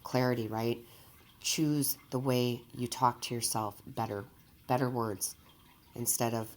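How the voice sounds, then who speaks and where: A woman's voice: rumbling low, fairly even intonation, a little slow. A woman working as a medium, giving an earnest, emotional tarot reading to her viewers and often checking in with them. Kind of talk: direct-to-camera tarot reading.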